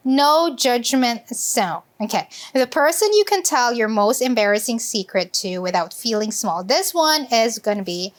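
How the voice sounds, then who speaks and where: A woman co-hosting a casual talk show, animated and quick to laugh, acting out what people said to her. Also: fairly high pitch. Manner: animated, laughs often, acts out quotes. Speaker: podcast co-host. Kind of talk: casual chat.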